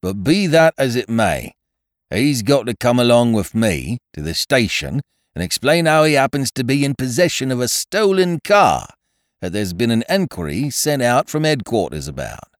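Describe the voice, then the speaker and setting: A man's voice: medium pitch, sing-song, normal speed, no echo, studio quality, pitched above the performer's own voice, close to an everyday voice. A man voicing a stern, stolid male police constable in a story reading, talking severely and bluntly.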